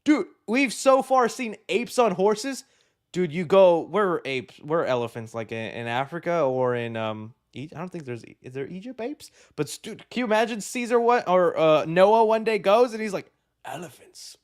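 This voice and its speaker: A man hosting a live movie news show, chatting casually in an excitable, rambling way with many fillers. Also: sits high, moderate pace. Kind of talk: casual live-stream chat.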